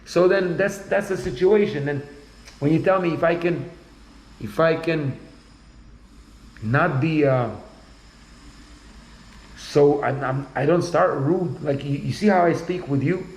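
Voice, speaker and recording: A man's voice: on the high side, measured pace, pauses often, darkish tone. Blunt rambling man, echoey room. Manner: blunt, rambling, repeats himself. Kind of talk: casual conversation.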